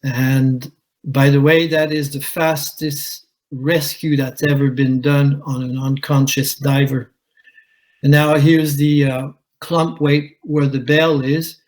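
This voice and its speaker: Slow-talking man recounting a diving accident. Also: mid-range voice, level tone, a little mellow, low-quality recording. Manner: measured storytelling with pauses. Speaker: commercial diver giving a talk. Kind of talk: conference presentation, personal account. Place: conference hall.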